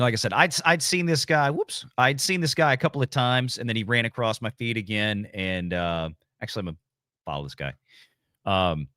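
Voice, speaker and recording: A man hosting a livestream, talking in a somber, halting way with many pauses. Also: medium pitch, pushed and bright, no echo, clean studio sound. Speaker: livestream host. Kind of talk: casual livestream commentary.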